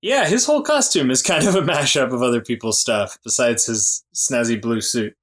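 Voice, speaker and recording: A man's voice: mid-range voice, animated, moderate pace, a bit bright. Agreeable man co-hosting a podcast. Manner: agreeable, laughs along, argues points in order. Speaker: podcast co-host. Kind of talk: casual chat.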